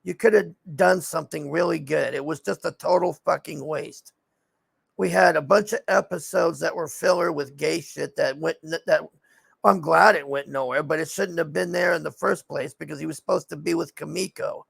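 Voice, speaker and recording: Gravelly man ranting, fed up. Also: fairly high pitch, fairly even intonation, moderate pace, no room sound. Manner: frustrated, profane ranting; rambling with frequent fillers. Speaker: TV show reviewer. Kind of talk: casual recap and rant.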